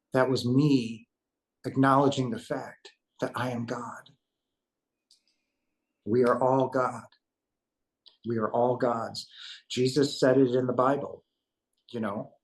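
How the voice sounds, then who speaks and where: A man's voice: mid-range voice, a little mellow, low-quality recording. A man giving an earnest spiritual testimony as an interview guest, emphatic, repeating himself and asking "right?" as he goes.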